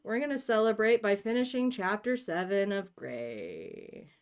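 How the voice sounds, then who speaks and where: A woman's voice: medium pitch, animated, unhurried, clear, resonant tone. A young woman hosting a book read-along, chatting casually with sarcastic, giggly asides. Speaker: host reading a book aloud.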